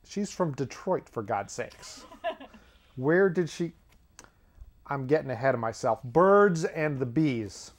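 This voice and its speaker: A man's voice: mid-range voice, animated, takes it slowly. A man hosting his own comedy show, delivering a rambling monologue with offhand, sardonic asides and chuckling at his own jokes. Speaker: host.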